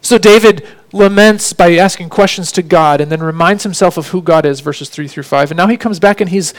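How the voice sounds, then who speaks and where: Earnest preacher, high voice. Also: male voice, low-quality recording. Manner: earnest, reads scripture slowly and emphatically. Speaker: pastor. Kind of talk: sermon.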